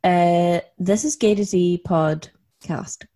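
A woman's voice: lowish voice, slow, warm tone. A young woman with a Donegal Irish accent, co-hosting a podcast in casual chat and laughing often. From Donegal, Ireland. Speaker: podcast co-host.

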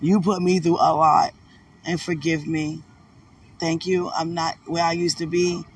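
A woman mimicking her man's low gruff voice. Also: flat delivery, measured pace, recorded from a distance, a little hiss or hum, lightly acted. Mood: quiet reproach. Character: gruff man scolding then humbly apologizing.

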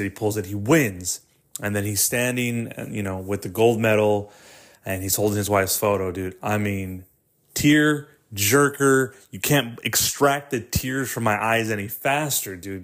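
A man hosting a casual solo podcast, rambling and swearing with lots of fillers and restarts. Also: on the low side. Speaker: podcast host.

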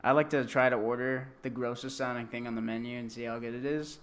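A man's voice: medium pitch, fairly even intonation. A young man in casual chat who jokes, cusses and riffs on his friend's stories. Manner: joking, profane, quick to riff.

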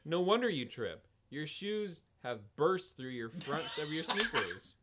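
A man's voice: on the high side, big pitch swings, measured pace, a crowd in the background. A man hosting a comedy podcast, reading a kids' adventure book aloud with stumbles, laughs and jokey asides. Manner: reads with stumbles and laughs, dry jokey delivery.

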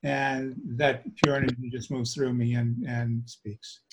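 A man explaining his trance channeling in a soft, hesitant, casual way. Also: medium pitch, level tone, a little slow. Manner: soft-spoken, hesitant, lots of ums. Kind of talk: casual chat.

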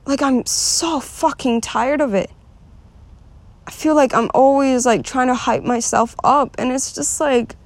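A young adult woman vlogger speaks in a high, steady voice, a little slowly, with no echo. Frustrated and restless, she vents frankly in a rambling, unscripted monologue, swearing freely and filling it with filler words.

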